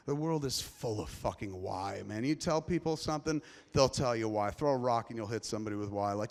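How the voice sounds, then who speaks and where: A man's voice: medium pitch, lively intonation, a little fast. Profane man storytelling in a big hall. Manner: profane, rambling, swings between hushed and loud. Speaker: filmmaker telling a story on stage. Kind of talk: live stage storytelling. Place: large theater before a live audience. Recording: long reverb of a large hall.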